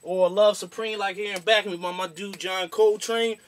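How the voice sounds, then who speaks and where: A man's voice: high voice, steady tone, moderate pace. A young man hosting a boxing show, giving a casual, slangy, rambling rant.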